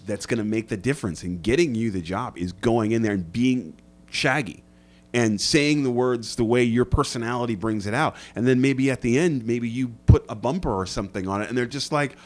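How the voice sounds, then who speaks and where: A man's voice: mid-range voice, brisk. A man, an actor and guest, chatting animatedly and jokily in a radio studio interview. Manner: animated, jokey, slips into voices. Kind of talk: casual interview chat.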